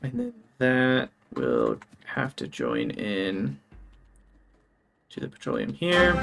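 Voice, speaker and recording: Male live streamer with some vocal fry, mid-pitched, talks through his plans and greets chat cheerfully. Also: huge pitch swings, takes it slowly, soft background music. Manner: thinks aloud while planning, brightens to greet chat. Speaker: game streamer. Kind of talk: live gameplay commentary.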